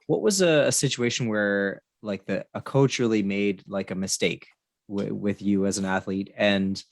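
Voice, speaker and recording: A man who works as a coach asks a long question on a webinar in a halting, self-deprecating way. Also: lowish voice, vocal fry, no room sound, studio quality.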